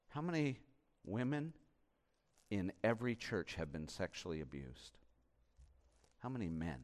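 A man preaching a sermon as pastor, impassioned, swinging from hushed and reflective to loud and urgent. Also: medium pitch, very animated, normal speed, pauses often.

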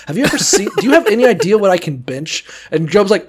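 A man's voice: high-pitched, sing-song, quick pace, hardly any pauses. A man in casual chat, riffing absurd, crude comedic scenarios with a co-host. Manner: riffs with absurd crude jokes. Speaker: podcast co-host.

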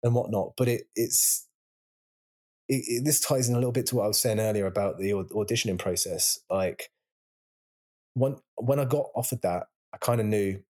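A man's voice: fairly low pitch, normal speed, a little mellow. A British man, an actor and writer, chatting as a guest in an interview, rambling with many restarts. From England. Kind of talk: casual interview chat.

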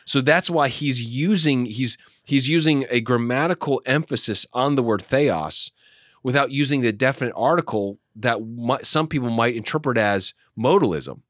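A man, a pastor, explaining Bible passages in an animated teaching discussion, often restarting his sentences. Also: medium pitch, dry recording, studio quality.

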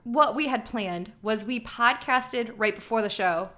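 A woman co-hosting a podcast, telling stories in animated casual chat and laughing easily. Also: a little high, measured pace. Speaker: podcast co-host.

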